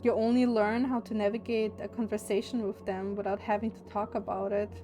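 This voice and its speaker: A woman's voice: medium pitch, little pitch movement, brisk. A young woman streamer chatting casually and candidly, opinionated and swearing freely. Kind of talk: casual livestream chat.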